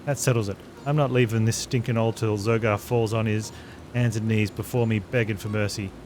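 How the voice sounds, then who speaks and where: A man's voice: on the low side, steady tone, fairly quick, slight background noise, lightly acted. A man reading as a brash, scornful warrior woman. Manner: blunt, mocking, swaggering. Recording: loud game music behind.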